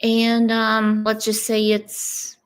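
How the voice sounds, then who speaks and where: A woman's voice: on the high side, completely flat delivery, takes it slowly, clean tone. A woman giving casual true crime commentary, emphatic and stopping often to ask "okay?". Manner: emphatic, repeats "okay?" for stress.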